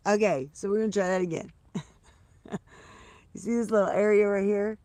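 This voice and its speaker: A woman's voice: mid-range voice, measured pace, warm tone, no room sound. A middle-aged woman livestreaming outdoors on a farm, chatting casually with viewers in a loose, laughing way and swearing freely. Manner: loose, laughing, salty talk. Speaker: livestreaming vlogger. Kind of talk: casual live chat with viewers.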